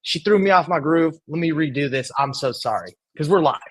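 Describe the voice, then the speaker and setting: An energetic young man runs a live-streamed coaching lesson, talking straight to his viewers with hype and enthusiasm. His voice sits a little high for a man. He speaks from a converted farm workshop. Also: fairly quick, husky. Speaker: real estate wholesaling coach.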